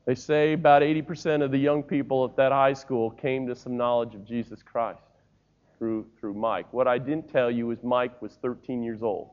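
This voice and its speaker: A man preaching a sermon, telling stories with lively voiced characters and rising to shouts. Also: medium pitch, normal speed. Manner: animated storytelling, voicing characters, rising to shouts. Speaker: pastor. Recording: dull lo-fi sermon recording.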